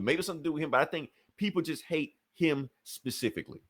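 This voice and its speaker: A man's voice: a little high, fast, a bit bright, slightly rough. A man co-hosting a podcast in casual chat, swearing and laughing often. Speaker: podcast co-host.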